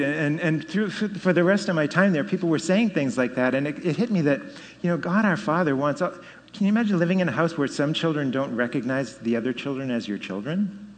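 A man in his fifties giving a personal faith testimony, telling it with animated storytelling and rising emphasis. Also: a little high, fast talker. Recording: long hall reverb.

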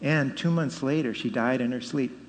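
A man in his fifties giving a personal faith testimony, telling it with animated storytelling and rising emphasis. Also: medium pitch, normal speed. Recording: long hall reverb.

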